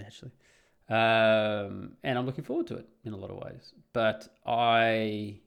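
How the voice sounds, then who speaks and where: A man's voice: on the low side, fairly even intonation, a little slow, vocal fry, clear, resonant tone. An Australian man talking casually and bluntly on his solo podcast, rambling with sardonic asides. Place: home in the Netherlands.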